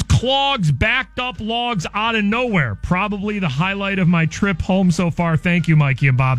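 A male morning radio host, energetic and playful, reading listener tweets at a studio microphone. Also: high voice.

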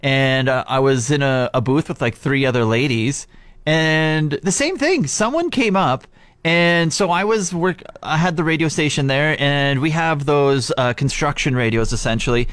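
A young man co-hosting a casual radio show, chatting and telling stories in an animated way and laughing easily. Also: a little high, normal speed, clear, resonant tone, dry recording. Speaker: radio co-host.

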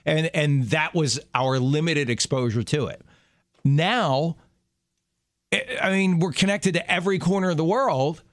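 A middle-aged man co-hosts a talk show in a casual, storytelling way, laughing easily. His voice sits a little high for a man. The sound is close and dry. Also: no echo. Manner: chatty storyteller, quick laughs. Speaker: radio show co-host. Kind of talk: casual chat.

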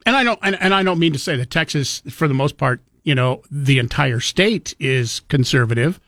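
A man's voice: a little high, expressive, moderate pace, a bit bright, dry recording, studio quality. A man hosting a talk radio show, chatting about politics in an opinionated, conversational way and taking calls. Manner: conversational, opinionated, chuckles easily.

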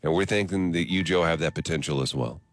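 A man's voice: sits low, fast talker. A man hosting a podcast, teasing a guest and running a guessing game in casual chat. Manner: playful, teasing, leads the questions. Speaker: host.

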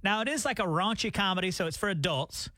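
High-voiced male radio co-host, chatty. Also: expressive, quick pace, pushed and bright, dry recording. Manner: chatty, brings up stories and recommendations. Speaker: radio morning show co-host. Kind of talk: casual morning radio banter. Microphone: studio microphone.

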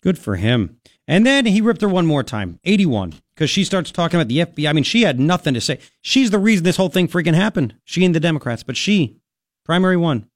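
A man's voice: a little high, sing-song, fast, dry recording, studio quality. A man hosting talk radio, giving indignant, mocking commentary.

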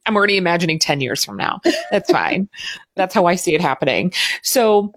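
A woman from Southern Indiana hosting a casual interview with an old college friend, chatty and quick to laugh. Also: fairly low pitch, animated, dry recording.

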